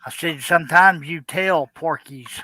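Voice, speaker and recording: A man's voice: fairly high pitch, measured pace, sharp tone, rough recording. A man co-hosting a live stream, wisecracking and reading out chat comments.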